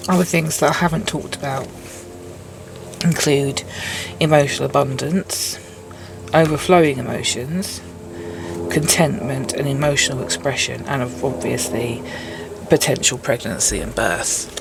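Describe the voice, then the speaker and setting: A woman's voice: rumbling low, unhurried, creaky, pauses often, over music. A woman giving a casual tarot reading, chatty and rambling, with self-mocking asides. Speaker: tarot reader. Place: indoors at a table with cards.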